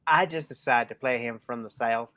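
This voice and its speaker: A man's voice: medium pitch, moderate pace, pushed and bright, dry recording. A man co-hosting a casual podcast, playful and hesitant, with filler words. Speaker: podcast co-host. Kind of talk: casual chat, hammy reading of quotes in put-on accents. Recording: dry, dull lo-fi sound.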